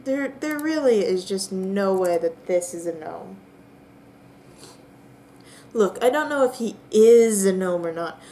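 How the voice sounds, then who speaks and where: A young woman narrating a text adventure game with bemused, drawn-out comic disbelief. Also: mid-range voice, lively intonation, warm tone, a little hiss or hum. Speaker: player and narrator.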